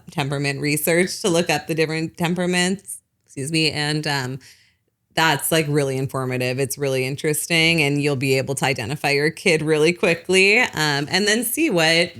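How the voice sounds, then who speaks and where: Woman, psychologist guest, casual podcast chat, many fillers, low-ish pitch. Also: a bit bright. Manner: explains at length, with many "like" and "you know" fillers; acts out short parent quotes in other voices.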